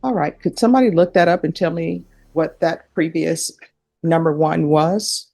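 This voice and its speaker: A woman's voice: low voice, normal speed, gravelly, mellow. A woman judge questioning a defendant from the bench, firm and direct. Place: courtroom.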